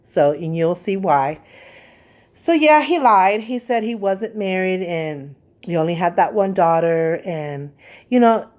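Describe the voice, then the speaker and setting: A middle-aged woman from California, recording at home and telling a personal story in a chatty, confiding way, pausing often with fillers. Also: mid-range voice, a little mellow. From California, USA. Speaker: vlogger.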